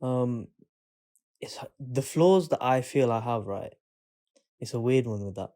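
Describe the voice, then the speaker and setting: A man's voice: medium pitch, measured pace, warm tone. A man co-hosting a podcast, talking in a laid-back, reflective way that trails off. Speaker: podcast co-host. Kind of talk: casual chat.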